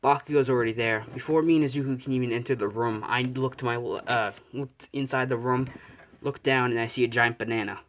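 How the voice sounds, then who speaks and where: A man's voice: mid-range voice, steady tone, brisk, a bit bright. Young man, improvised storytelling, rambling, self-correcting, casual swearing. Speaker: fan-fiction storyteller.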